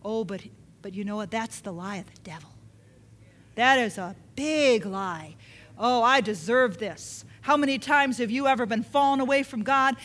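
Woman preacher w a high voice, repeats herself a lot, keeps asking the crowd questions. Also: normal speed, a bit bright. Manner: emphatic and repetitive, asks the listeners questions. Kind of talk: sermon.

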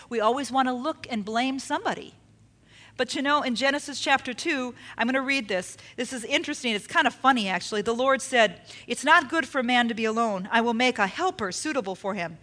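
A woman preaching a sermon, expressive, acting out the quotes she tells and dropping her voice low for emphasis. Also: fairly quick. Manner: expressive, acts out quotes with dramatic drops in volume.

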